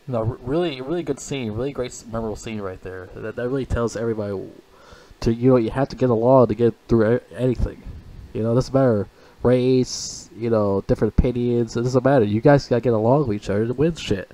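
A man's voice: mid-range voice, fast, dark tone. Profane rambling man reviewing a movie. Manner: profane, rambling, mocking, frequent restarts. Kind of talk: casual rambling film review.

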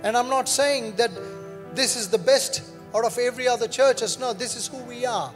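High-voiced male pastor preaching in a reverberant hall. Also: normal speed, faint music behind. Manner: emphatic, repetitive preaching with frequent "Amen"; conversational and humorous asides to the congregation. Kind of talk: sermon. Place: church sanctuary.

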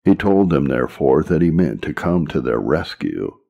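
A man's voice: extremely low pitch, big pitch swings, normal speed, gravelly, mellow. A man reading an old sermon aloud in a solemn, earnest, exhorting manner, on a dull lo-fi recording. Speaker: reader.

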